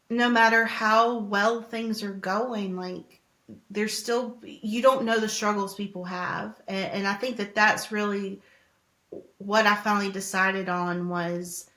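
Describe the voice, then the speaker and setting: A woman musician talking candidly as an interview guest, open and heartfelt, pausing often with "like" and "um". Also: medium pitch, steady tone, a bit bright, echoey room. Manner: open, heartfelt, hesitant with many "like"s.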